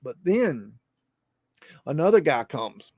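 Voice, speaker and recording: A man's voice: on the high side, very animated, slow, darkish tone, breathy edge, no echo, studio quality. A man hosting a live podcast, talking in a rambling, repetitive way and swearing freely. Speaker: podcast host.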